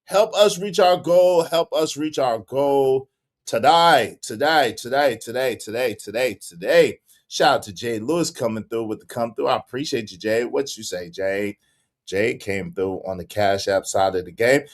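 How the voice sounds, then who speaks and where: A man's voice: mid-range voice, moderate pace. A man hosting a live stream, reading out donations and teasing his chat, laughing often and repeating phrases.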